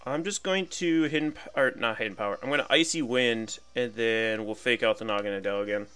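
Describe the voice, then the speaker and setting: Bright-voiced man commentating a game. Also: medium pitch, a little fast, clean tone, faint music behind. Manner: chatty, thinks aloud, playful asides. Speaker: gaming commentator.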